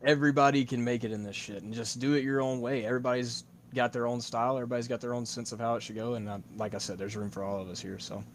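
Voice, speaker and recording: A man who is a guest musician on a podcast, talking in an easygoing, reflective way and trailing off softly. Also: mid-range voice, little pitch movement, very fast, hardly any pauses. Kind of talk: casual podcast interview.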